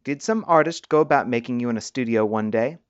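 A man voicing a curious, wary young woman with quick, skeptical retorts in a storybook reading. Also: mid-range voice, clear, resonant tone, dry recording, dull audio, lightly acted.

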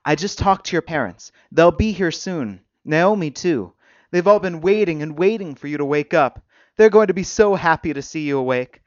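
A man's voice: a little high, expressive, a little slow. A man reading the lines of an anxious young man at a bedside, eager and pleading, on a dull, dry recording.

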